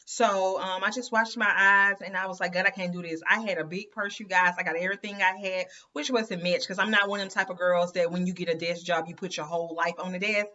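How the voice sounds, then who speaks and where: A woman's voice: lowish voice, steady tone, fast, few pauses, bright, forceful tone, highs cut off. A woman telling her story to viewers in a chatty, emphatic way, often calling them "you guys" and "girl". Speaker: host of an inspirational women's channel.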